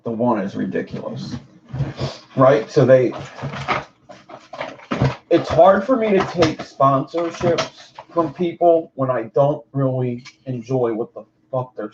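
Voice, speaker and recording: A man's voice: mid-range voice, lo-fi sound, slight background noise. A young man hosting a livestream. He rambles in casual chat, swears freely and talks to his viewers. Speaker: livestream host.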